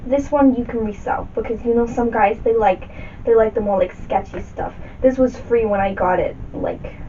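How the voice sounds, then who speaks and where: Casting: a woman playing a cagey young street dealer, put-on New York accent, high voice, muffled far-off camcorder sound with hiss. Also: normal speed, dark tone, lightly acted. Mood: pushy. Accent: put-on vague New York. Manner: pushy, repeats "okay?" to close deals.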